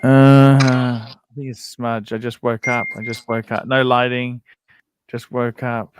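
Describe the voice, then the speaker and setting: A man's voice: mid-range voice, flat delivery, a little slow, noisy background. A man hosting a casual livestream chat from home, laid-back with short replies. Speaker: livestream host. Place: at home on a video call.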